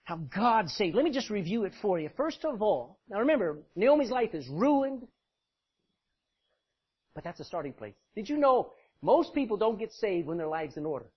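Animated preacher with a husky voice. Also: male voice, sits high, normal speed. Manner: animated, swings from loud emphasis to quiet asides, laughs often. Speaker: pastor. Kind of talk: sermon. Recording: dull lo-fi recording.

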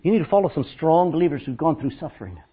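A man preaching a sermon, telling stories loudly and acting out what people said. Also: fairly high pitch, racing, breathy edge, narrow, tinny audio. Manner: loud, animated preaching with acted-out quotes. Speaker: pastor. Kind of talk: storytelling sermon.

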